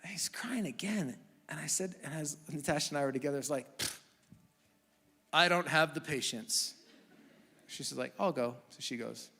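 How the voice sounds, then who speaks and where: A man's voice: a little high, moderate pace, breathy edge. Man preaching in a big echoing hall. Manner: storytelling with humor, swings from hushed to loud. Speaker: pastor. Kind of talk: sermon. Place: church auditorium. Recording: long church hall reverb.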